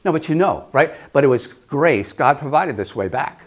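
A man preaches in an easy, conversational way, with a voice of ordinary middle pitch. He repeats key phrases for emphasis and shifts loudness freely. The delivery feels like talking with a congregation rather than reciting. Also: animated, normal speed. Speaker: pastor. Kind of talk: sermon.

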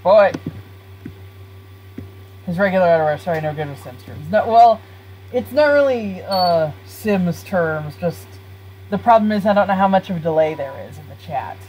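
A woman's voice: fairly low pitch, lively intonation, normal speed, pauses often, a little mellow, a little hiss or hum, poor audio. A woman live-streaming a life-simulation game, chatting casually with her viewers and laughing often. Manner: giggly, chatty, talks to chat.

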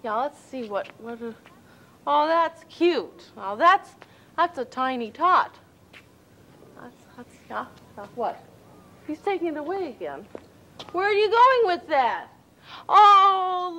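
A woman's voice: high voice, expressive, takes it slowly, pauses often, bright, forceful tone. A woman presenting a children's TV show who sounds out letters and words in delighted tones. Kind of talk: slow phonics teaching.

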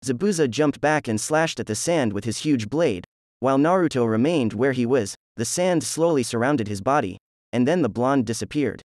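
A man narrating a fan fiction story in a plain, even reading voice. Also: medium pitch, normal speed, no echo, clean studio sound.

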